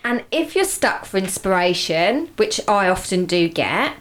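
A woman's voice: mid-range voice, big pitch swings, a little slow. A woman co-hosting a local radio show, chatting casually and promoting a charity challenge with enthusiasm. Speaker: radio co-host.

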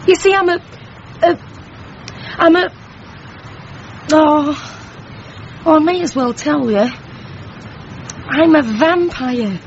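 A woman's voice: sits high, slow, pauses often, a little hiss or hum. A woman playing a sulky, self-pitying young woman who is secretly a vampire, on a dull lo-fi recording. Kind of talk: radio comedy acting.

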